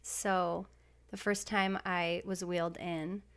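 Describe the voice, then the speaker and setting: A woman's voice: fairly low pitch, level tone, slow, a bit bright, clear, resonant tone. A woman in her thirties, a podcast guest, telling a personal story in a heartfelt, emotional way with many fillers.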